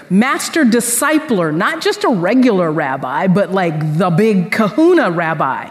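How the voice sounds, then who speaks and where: A woman pastor preaching a sermon in an animated, conversational storytelling way with casual slang, in a church sanctuary. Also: on the high side, a little slow, few pauses, big-room sound.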